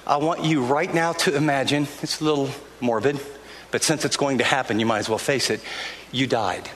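A man's voice: medium pitch, fairly even intonation, normal speed, fairly bright tone, slight background noise. An older man, a pastor, preaching a sermon in a church in an earnest, conversational way, often restarting his sentences. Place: church sanctuary. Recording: long hall reverb, faint ambience.

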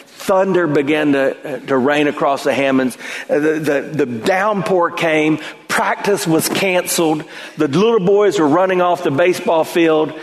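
A middle-aged pastor with a drawl, his slightly high voice ringing with a long church reverb. He tells a personal story from the pulpit, building to emphatic peaks. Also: unhurried. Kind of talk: sermon. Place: church sanctuary.

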